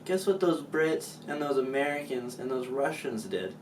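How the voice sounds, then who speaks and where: A man's voice: mid-range voice, lively intonation, moderate pace, echoey room, distant mic, slight background noise, low-quality recording. A man explaining history casually, joking and using many fillers. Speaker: student presenter.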